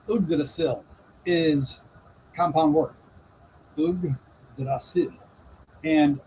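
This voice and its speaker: A man presenting on Northern Pagan lore, talking slowly and deliberately and spelling out words as he explains. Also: a little high, darkish tone, a little hiss or hum, low-quality recording. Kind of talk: explanatory talk to camera.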